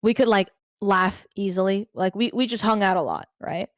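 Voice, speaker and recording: A woman's voice: mid-range voice, no room sound, studio quality. Hesitant young woman guest. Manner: hesitant, halting, with fillers and soft laughs. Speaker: streamer guest. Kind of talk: casual interview answers.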